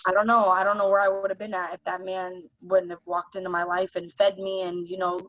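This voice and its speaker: Halting young woman on a dull recording. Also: lowish voice, level tone. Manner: halting, earnest, heavy use of "like". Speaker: interview guest. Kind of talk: personal storytelling in conversation.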